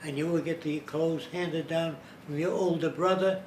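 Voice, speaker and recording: Steady in tone and moderate in pace, a slightly high male voice delivers an informal lecture, explaining things methodically and sometimes putting on others' accents. A distant mic picks him up in a roomy space over faint hiss.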